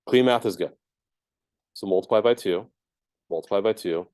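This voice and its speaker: A man's voice: on the low side, moderate pace, darkish tone, no room sound. A man teaching a math class, explaining each step casually with lots of ums and checks of "right?". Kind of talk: classroom lecture.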